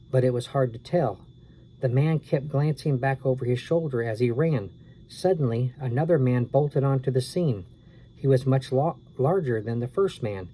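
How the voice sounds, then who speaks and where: Mellow-voiced man reading spooky stories. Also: mid-range voice, slight background noise, poor audio. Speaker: storyteller. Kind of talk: reading a spooky storybook aloud.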